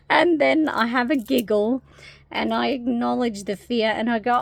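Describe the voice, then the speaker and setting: A woman talking casually to camera in a spiritual vlog, rambling softly with many fillers. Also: fairly high pitch, fairly even intonation, moderate pace, vocal fry, no room sound. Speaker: spiritual vlogger.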